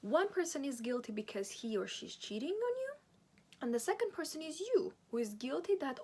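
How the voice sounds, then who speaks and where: A woman's voice: sits high, fairly quick. Earnest woman giving relationship advice. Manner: earnest, animated, non-native phrasing. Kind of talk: advice monologue.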